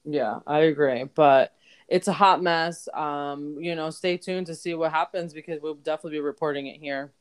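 A woman's voice: sits low, fairly even intonation, moderate pace, clear, resonant tone. A young adult woman co-hosting a podcast, chatting casually and gushing, with casual swearing. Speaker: podcast co-host. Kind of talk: casual chat.

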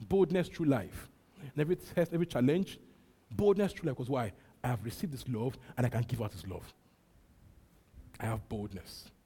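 A man's voice: mid-range voice, moderate pace, warm tone, slightly rough. A man with a Nigerian accent preaching a sermon, repeating short phrases and breaking into frequent hallelujahs. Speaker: pastor.

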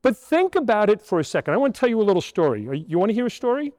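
A man's voice: high voice, sing-song, rapid-fire, a little mellow, no room sound, long reverb tail. A man in his sixties, a priest, telling a story in a homily to children and asking them rhetorical questions. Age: 60s. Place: church.

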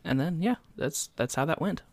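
A man's voice: fairly high pitch, expressive, moderate pace, dry recording, studio quality. A man co-hosting a podcast in casual chat, with wry, joking asides. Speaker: podcast co-host.

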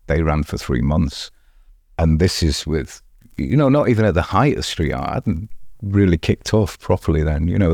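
Middle-aged man, festival founder, very low mellow voice, dry close sound, emphatic with restarts. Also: creaky, no echo. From England. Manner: emphatic, repeats words when restarting. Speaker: street art festival founder. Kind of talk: podcast interview answers.

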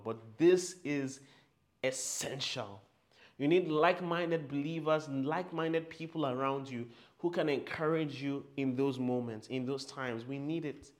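A man's voice: mid-range voice, moderate pace. A man preaching a sermon and leading the listeners in spoken declarations. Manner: leads call-and-response declarations, growing loud and fervent.

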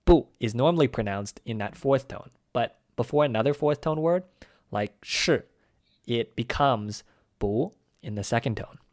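A man's voice: mid-range voice, moderate pace. A man co-hosting a scripted language-lesson podcast, running quiz questions and explaining words in an upbeat teaching manner. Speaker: podcast co-host.

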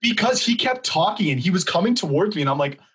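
A young man tells a story on a podcast. His voice is a little husky, and his pitch swings widely as he acts out what people said. He keeps it casual and chatty. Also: fast, rough recording. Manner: animated, acts out quotes. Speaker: podcast co-host.

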